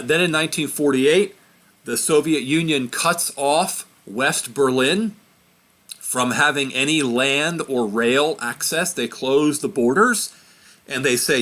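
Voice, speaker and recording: A man's voice: mid-range voice, fairly bright tone. A man giving an informal history lesson, chatty and self-correcting as he points at a map. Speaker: history teacher.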